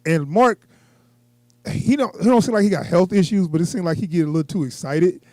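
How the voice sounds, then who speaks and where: A man co-hosting a podcast, talking with a slightly high voice. He chats casually and gets animated when he acts out other people. The sound is dry and close. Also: a little fast, no room sound. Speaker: podcast co-host. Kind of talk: casual chat.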